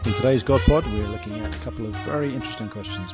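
A man hosting a casual podcast, relaxed and chuckling, reading out listener questions. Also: medium pitch, very fast, creaky, hardly any pauses, over music. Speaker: podcast host. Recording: dull lo-fi sound.

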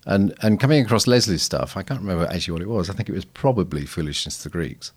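Man, low voice, podcast guest, thoughtful and anecdotal, restarts often. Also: lively intonation, quick pace, slightly rough. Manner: reflective, anecdotal, frequent restarts. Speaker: guest missiologist. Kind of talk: casual podcast conversation.

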